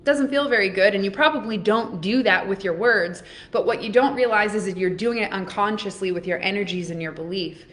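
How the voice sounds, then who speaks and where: A woman's voice: mid-range voice, fairly quick, hardly any pauses, a bit bright. Upbeat motivational woman host. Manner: upbeat and encouraging, talks straight to viewers. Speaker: host of weekly oracle card reading. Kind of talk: live-streamed motivational talk.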